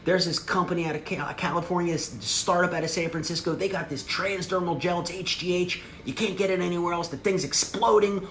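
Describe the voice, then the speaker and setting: A man's voice: sits high, steady tone, brisk, few pauses, a bit bright, slight background noise. A man giving a brash, slangy sales training talk to a group. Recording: echoey room with faint ambience.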